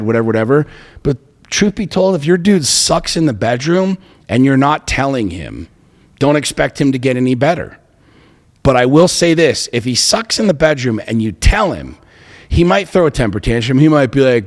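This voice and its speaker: A man's voice: medium pitch, big pitch swings, normal speed. A man co-hosting a relationship podcast, talking bluntly and emphatically with plenty of profanity. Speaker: podcast co-host. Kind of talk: casual chat. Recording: long hall reverb.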